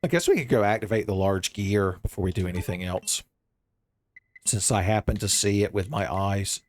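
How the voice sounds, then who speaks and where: A man giving casual, jokey let's-play commentary, rambling and breaking into excitable outbursts. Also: on the low side, moderate pace, a little hiss or hum. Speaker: gaming streamer.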